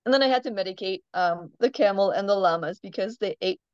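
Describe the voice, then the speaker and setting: A chatty woman tells farm animal stories in a relaxed interview, with frequent laughs and easy "um"s. The sound is dry and a little muffled, with no room echo. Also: mid-range voice, a little fast, clean tone. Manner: chatty storyteller, laughs often, many ums. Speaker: farm animal owner, guest. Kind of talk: casual interview chat.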